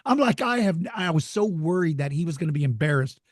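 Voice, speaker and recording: A man telling lively stories as an interview guest, laughing easily and acting out excited children. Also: a little high, fast talker, dry recording, clean studio sound. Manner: animated storyteller, laughs easily, voices excited kids. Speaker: interview guest, dinosaur educator. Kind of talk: storytelling in a casual interview.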